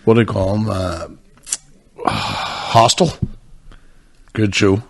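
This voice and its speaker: A man's voice: fairly low pitch, slow, creaky. A man, co-hosting a casual podcast chat and telling sweary stories. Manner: sweary storyteller, bursts into loud impressions. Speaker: podcast co-host.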